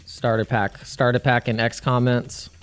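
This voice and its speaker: A man's voice: medium pitch, flat delivery, unhurried, faint music behind. A man hosting a casual crypto livestream, rambling, restarting his sentences and laughing at his own jokes.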